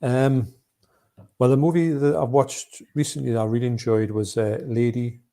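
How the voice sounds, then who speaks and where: A man's voice: mid-range voice, level tone, normal speed, mellow. A man co-hosting a live movie chat, rambling and chatty, reading out viewer comments. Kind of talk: casual live-stream chat.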